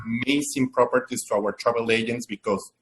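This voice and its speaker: A man's voice: mid-range voice, fairly even intonation, fairly quick. A man hosting a live video-call webinar, talking with effusive enthusiasm and frequent restarts. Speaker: webinar host.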